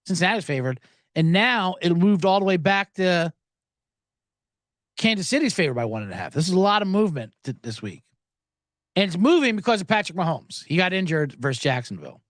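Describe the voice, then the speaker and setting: A man hosting a betting podcast, ranting with heavy sarcasm and plenty of swearing. His voice sits fairly high and swings widely in pitch as he goes. The sound is close and dry, with no room echo. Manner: animated, sarcastic, swears a lot. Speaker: podcast host. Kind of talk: profane sports betting rant.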